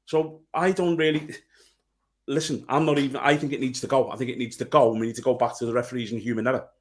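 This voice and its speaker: A podcast co-host with a mid-range, fairly even voice talks fast during casual football chat. He's blunt and heated, swearing freely as he rants.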